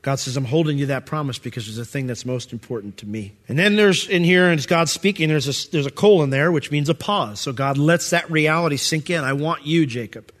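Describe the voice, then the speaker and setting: Middle-aged male pastor, slightly high voice, casual preaching style, echoing church hall. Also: brisk, few pauses. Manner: conversational preaching, acts out voices of God and listeners. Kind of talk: sermon. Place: church sanctuary.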